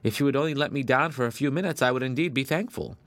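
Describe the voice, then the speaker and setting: A man voicing a sly, deceitful male badger in a storybook tale, pleading gently and later jeering. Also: mid-range voice, fast, no echo, voice pushed up, close to an everyday voice. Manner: pleading, then mocking.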